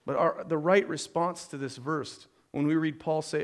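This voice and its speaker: A man's voice: fairly high pitch, moderate pace, few pauses. Man preaching a casual sermon. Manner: informal and joking, with frequent restarts and repeated words. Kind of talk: conversational sermon.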